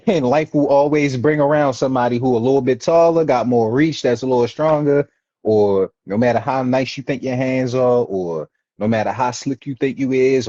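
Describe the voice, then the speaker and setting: Speaking at normal speed in a mellow, mid-range voice, the Baltimore interview guest reflects on his life in casual, slangy conversation. He is earnest and acts out the people he quotes, captured on a dull, dry, lo-fi recording.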